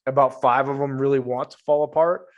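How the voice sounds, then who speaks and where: A man's voice: mid-range voice, fairly even intonation, brisk, lo-fi sound. A man, a men's coach and podcast guest, speaking earnestly and emphatically in casual conversation, with lots of coaching-style repetition.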